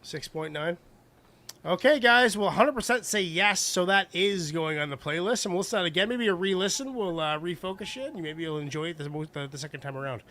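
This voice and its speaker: A male podcast host chatting casually and rating songs, rambling and animated. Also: high voice, a little fast. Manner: rambling, animated, self-deprecating.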